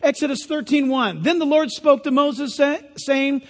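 A man's voice: extremely high pitch, normal speed, few pauses. A male pastor preaching a sermon in a church, earnest and emphatic, putting direct questions to the congregation. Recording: long hall reverb.

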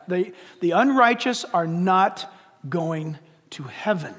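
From the pulpit of a church sanctuary, a pastor preaches a sermon in a high, expressive, slightly bright voice, taking it slowly. He's emphatic and full of rhetorical questions, and the recording carries a long church hall reverb.

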